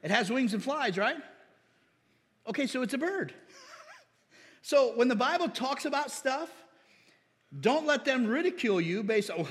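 A man preaching a sermon, animated, with laughs and mocking impressions of critics. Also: extremely high pitch, measured pace, long pauses, big-room sound. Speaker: pastor.

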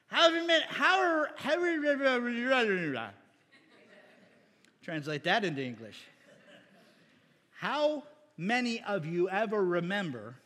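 A man with a high voice preaches to his congregation in a loose, folksy way, tossing questions out to them. His words ring with a long reverb, as if in a church sanctuary. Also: a bit bright. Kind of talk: conversational sermon.

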